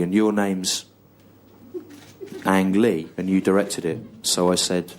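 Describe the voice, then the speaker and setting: Slow deadpan English comedian, low voice. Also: male voice, slight background noise. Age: 30s. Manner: slow, halting deadpan delivery with long pauses and repetition. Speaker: stand-up comedian. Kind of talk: deadpan stand-up storytelling. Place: comedy venue on stage with audience laughter.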